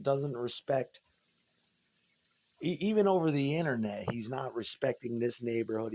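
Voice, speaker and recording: A man's voice: medium pitch, warm tone. A man in a rambling, profane monologue from home, agitated and tripping over his words. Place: at home, indoors.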